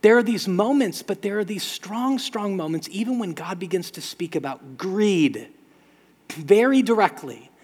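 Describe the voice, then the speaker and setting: A man preaching a sermon as pastor, telling stories with lively sound effects. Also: high voice, unhurried, slightly rough, big-room sound. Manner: storytelling, animated with sound effects.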